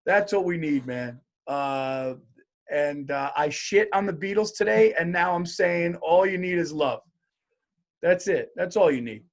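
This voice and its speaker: A male comedian talks alone into his podcast mic, swearing freely and rambling from one rant to the next. His voice sits a little high for a man, and he keeps the tone loose and conversational. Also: unhurried. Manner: profane, rambling, animated rants. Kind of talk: solo comedic monologue.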